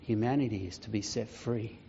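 A man voicing a risen divine saviour who defiantly answers Death in a dramatic sermon monologue, proclaiming slowly and solemnly. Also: on the low side, fairly even intonation, vocal fry, slight background noise, voice pushed down. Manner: slow, solemn proclaiming with long pauses, growing quieter and weightier. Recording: dull lo-fi sound.

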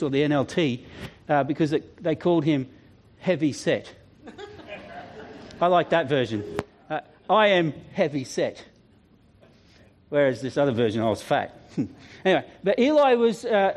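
A man's voice: on the high side, darkish tone. A man preaching as a youth pastor, telling stories in a chatty, humorous way with asides. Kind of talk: sermon.

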